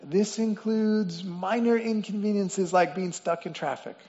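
A man's voice: high-pitched, measured pace, a little mellow. A man preaching a sermon, explaining word meanings and repeating phrases for emphasis. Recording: dull lo-fi sound with long reverb in a hall.

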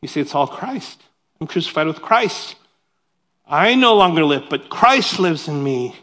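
A pastor preaching a sermon. He reads scripture aloud, explains it, and adds humorous, self-deprecating asides in a lively way. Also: a little high, a little slow.

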